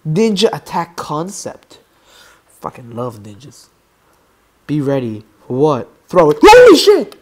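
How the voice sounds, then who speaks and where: Excitable swearing man playing a game. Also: on the high side, slow pace, long pauses. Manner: excitable, swearing, yelps and screams. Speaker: let's play gamer. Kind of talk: gaming commentary.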